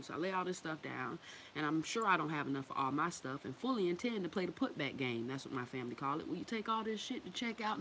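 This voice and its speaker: A woman hosting a casual livestream, thanking viewers and telling a story in an animated, profane, slangy way, often laughing. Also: sits low, a little hiss or hum, low-quality recording. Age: adult with children. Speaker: livestream host reading viewer comments.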